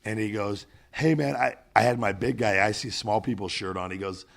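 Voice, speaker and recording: A man in his thirties hosting a podcast, telling a gym story in casual, profane, animated chat. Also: lowish voice, brisk, creaky. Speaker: podcast host.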